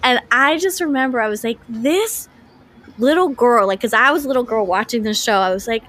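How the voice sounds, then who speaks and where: Here a podcast co-host with a fairly high voice talks briskly over background noise. She's enthusiastic and casual, rambling along and often restarting or filling pauses.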